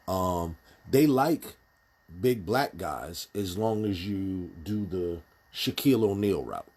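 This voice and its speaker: A man's voice: low-pitched, darkish tone, breathy edge. A man giving a casual, blunt spoken commentary, emphatic and full of restarts. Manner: emphatic, many fillers and restarts, speaks bluntly.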